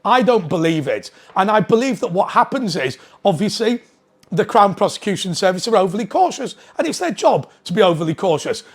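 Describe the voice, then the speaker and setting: A man's voice: high voice, very animated, a little fast. A man giving an opinionated political monologue to camera, indignant and firing off pointed rhetorical questions. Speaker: political commentator.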